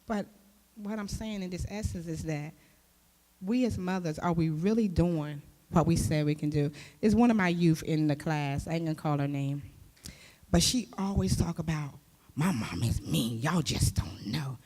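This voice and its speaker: A woman giving a conversational sermon as a church speaker and youth teacher, who talks in a lively way and keeps asking her listeners questions. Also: lowish voice, moderate pace. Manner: lively, with rhetorical questions to the audience. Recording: long hall reverb.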